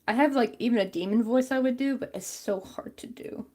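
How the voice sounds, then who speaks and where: Woman, fairly high voice, rambling casual chat, lots of fillers, crochet stream. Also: unhurried, dark tone. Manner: chatty, rambling, many fillers.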